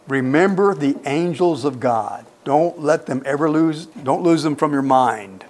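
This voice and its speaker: A middle-aged male preacher delivering a verse-by-verse sermon in an unhurried, deliberate way. His voice sits a little above the usual male range, and he keeps turning to the congregation with questions in a conversational, emphatic tone. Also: on the high side, a little mellow. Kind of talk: expository sermon.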